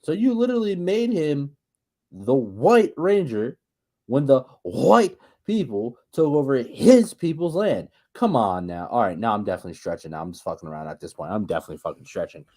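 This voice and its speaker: A man's voice: medium pitch, normal speed. A man co-hosting a casual podcast, rambling and profane, stumbling over repeated restarts as he rants. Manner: animated, ranting. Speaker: podcast co-host.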